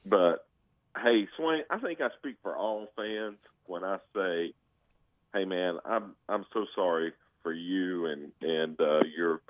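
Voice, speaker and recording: A man calling in to a sports show, telling stories in a chatty, animated way over a phone line. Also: sits low, slow pace, dry recording. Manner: storytelling, animated, laughing. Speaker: caller, fan. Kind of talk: casual chat.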